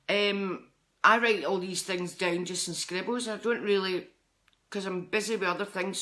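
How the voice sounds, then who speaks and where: A middle-aged Scottish psychic medium chats with viewers on a live stream in a fairly low, slightly bright voice. She rambles casually, jumping from topic to topic.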